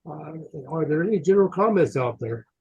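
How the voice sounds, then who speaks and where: A man moderating a video call, briskly calling on participants and inviting comments. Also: on the high side, lively intonation, darkish tone, slightly rough, muffled recording. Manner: brisk, calls on people.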